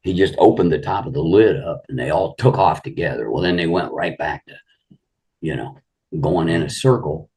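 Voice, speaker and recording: A man's voice: extremely low pitch, normal speed, a little mellow, slightly rough. An older man, a guest, telling rambling anecdotes in a casual interview and saying "you know" often.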